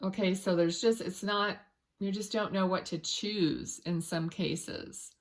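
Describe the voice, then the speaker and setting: A woman reads tarot as a psychic medium at a slow pace, her medium-pitched voice keeping a fairly even intonation. Her talk is casual and wandering, with frequent restarts as she searches for words and soft murmurs to spirit between cards.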